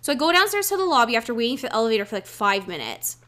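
A Canadian woman co-hosting a podcast, retelling a trip story in a casual, profane, animated way. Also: fairly high pitch, very fast. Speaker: podcast co-host.

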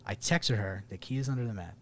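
A man's voice: lowish voice, quick pace, a little hiss or hum. Profane young man with Philly-twang. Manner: profane, animated, laughing storyteller. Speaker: podcast co-host. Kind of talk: casual storytelling.

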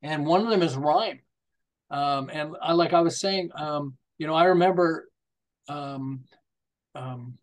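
An older man in his 60s or beyond, a marketing consultant, speaks at a measured pace in a fairly high voice. He's a podcast guest chatting casually, animated and laughing often as he tells jokes and anecdotes.

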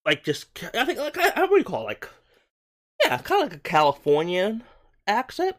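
A man co-hosting a podcast, talking over a film in a casual, rambling way, full of "like" and restarts, and often getting excited. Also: sits high, moderate pace. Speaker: podcast co-host. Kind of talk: casual movie-review chat.

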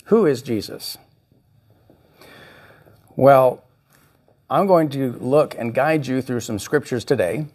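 A man's voice: mid-range voice, lively intonation, slow, pauses often, a little mellow, slightly rough. A male pastor preaching a sermon, reading scripture and acting out the voices he quotes. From United States.

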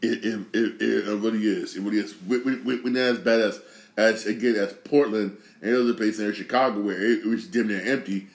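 A man's voice: fairly low pitch, steady tone, a little fast, roomy sound. A man hosting his own podcast, rambling casually, repeating phrases and swearing freely as he talks. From Connecticut. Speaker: podcast host. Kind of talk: casual solo podcast monologue.

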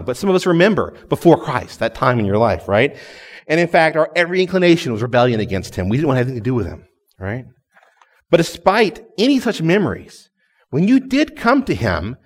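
A man's voice: on the high side, long reverb tail. A man giving a sermon as a guest preacher. He speaks conversationally and often adds "right?" to check in with listeners.

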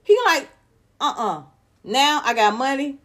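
Woman gossip vlogger, high voice, heated and outspoken, slangy, talks to viewers. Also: animated, a little slow, fairly bright tone. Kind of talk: celebrity gossip commentary.

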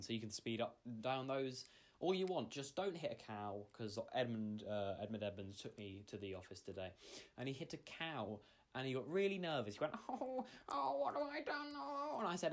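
A man in a mid-range voice hosts a comedy podcast. He rambles and stammers through an improvised story, at times working himself up into a loud rant. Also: medium pitch. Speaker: podcast host.

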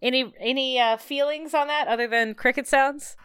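A woman co-hosting a podcast in casual comedic banter, joking deadpan. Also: high-pitched, moderate pace, clean tone, no room sound, clean studio sound. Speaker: podcast co-host.

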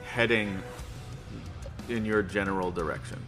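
A man acting as game master, calmly explaining what the players see. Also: on the low side, unhurried, over music. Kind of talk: running a tabletop game.

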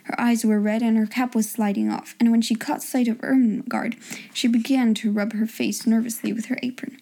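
A woman narrating a storybook in a gentle, measured reading voice. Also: on the high side, little pitch movement. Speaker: audiobook narrator.

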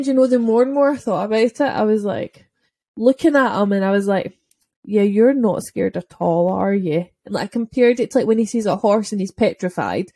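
A young Scottish woman, a dog trainer, chatting casually on a podcast and telling lively stories, acting out quick voices and swearing freely. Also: medium pitch, dry recording. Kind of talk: casual chat.

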